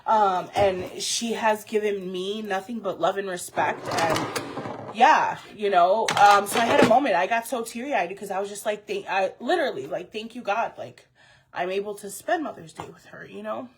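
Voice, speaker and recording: A woman's voice: mid-range voice, normal speed, background noise. A woman in her thirties talking casually and heartfeltly to her viewers, rambling with many fillers. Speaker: vlogger.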